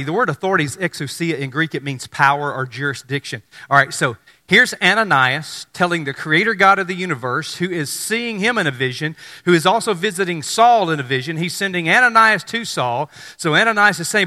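A man preaching a sermon, animated and acting out biblical dialogue in excited voices. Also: a little high, a little fast. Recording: long hall reverb.

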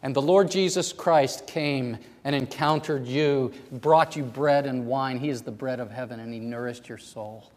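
A man preaching a sermon in a church, moving between loud, fervent passages and hushed near-whispers. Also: medium pitch, unhurried, hardly any pauses. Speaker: pastor. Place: church sanctuary. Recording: long hall reverb.

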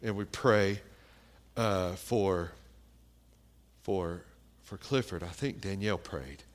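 Slow-talking man telling a story. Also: deep voice. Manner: slow, plain-spoken anecdote telling with pauses and fillers. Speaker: preacher. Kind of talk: sermon storytelling.

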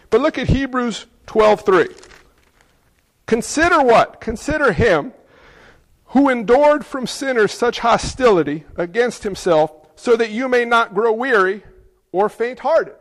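A man's voice sits high for a man as he preaches a sermon. He is middle-aged and talks in an animated, conversational way. He often turns aside to question the congregation directly. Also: big-room sound. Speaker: pastor.

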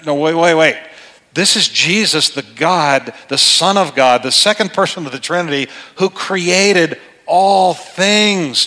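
The long echo of a big church hall follows each line as a middle-aged pastor preaches from the pulpit. His medium-pitched voice is bright and forceful, one moment conversational and the next strongly emphatic.

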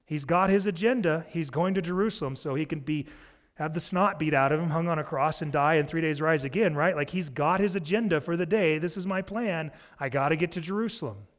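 Male pastor, expository sermon, casual delivery, slightly higher pitch. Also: fairly quick. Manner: conversational, expository preaching.

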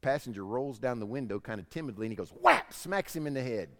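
A man preaching a sermon as pastor, telling stories with lively voices. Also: mid-range voice, quick pace, hardly any pauses, long reverb tail. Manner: animated storytelling, acts out voices in anecdotes.

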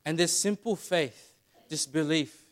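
A middle-aged man preaching a sermon as pastor, building to loud emphatic passages. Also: fairly high pitch, measured pace.

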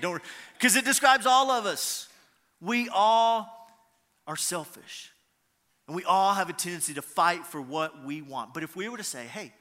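High, bright-voiced man preaching in a hall. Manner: earnest, repeats key lines for emphasis. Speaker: pastor. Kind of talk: sermon.

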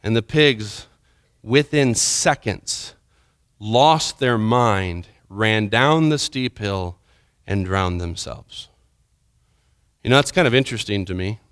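A man preaching a sermon, retelling a scripture story with dramatic swings from urgent, loud passages to hushed, quiet ones. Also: fairly low pitch, expressive, slow pace, clear, resonant tone, no echo, clean studio sound.

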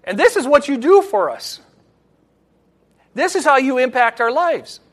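A man's voice: very high voice, big pitch swings, a little slow, fairly bright tone. A middle-aged male pastor giving an earnest, reflective sermon with personal stories.

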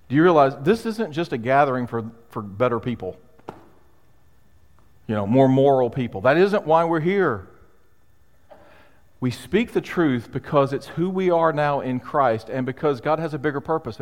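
A male pastor preaching a sermon in a conversational, emphatic way, with pauses for weight. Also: medium pitch. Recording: long hall reverb.

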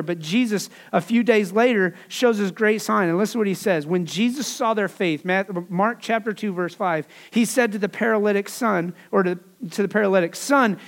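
High-pitched guy preaching, chatty sermon, keeps tossing in asides. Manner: conversational preaching, with asides and repeated phrases. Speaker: pastor.

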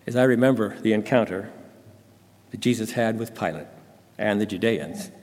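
A man's voice: on the low side, moderate pace, darkish tone. A man telling a Bible story in the first person, dramatic and intense. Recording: long hall reverb.

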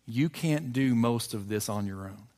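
A man preaching a sermon to a congregation in a church, earnest, building to emphatic peaks and dropping low again. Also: unhurried, a little mellow. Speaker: pastor. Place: church sanctuary.

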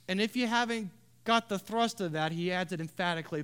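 A man preaching a sermon, building to loud emphatic swells and dropping to quiet, earnest tones. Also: high voice, brisk, clean tone. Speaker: pastor.

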